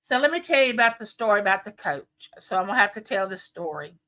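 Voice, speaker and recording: Her medium-pitched voice is lively and quick as she chats with viewers on a home live stream. The woman, in her late 50s, is chatty and warm, drifting from one story to the next.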